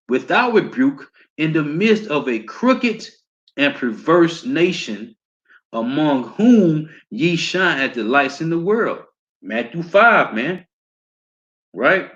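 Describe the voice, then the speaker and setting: A man with an American accent teaching scripture, reading verses slowly and often ending with "man.". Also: on the high side, big pitch swings, fairly bright tone. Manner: reads verses slowly, repeats "man" as a tag. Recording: dull lo-fi sound.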